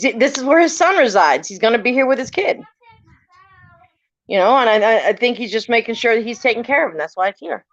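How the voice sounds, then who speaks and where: A middle-aged woman, chatting casually on a live stream and telling animated stories, often acting out the lines of the people in them. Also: fairly high pitch. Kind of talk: casual storytelling chat. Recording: muffled lo-fi live stream audio.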